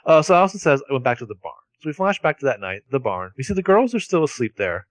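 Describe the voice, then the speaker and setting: Quick, animated man recapping a show. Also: medium pitch, no room sound. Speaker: podcast co-host recapping a TV episode. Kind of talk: casual chat.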